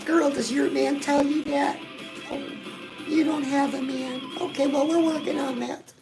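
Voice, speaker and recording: In a comic character monologue, a woman plays a chirpy, pushy lifestyle guru who gushes at the viewer and keeps calling her "girl." Her high-pitched voice is flat, unhurried, and creaky, and the poor audio has music playing loudly beneath it.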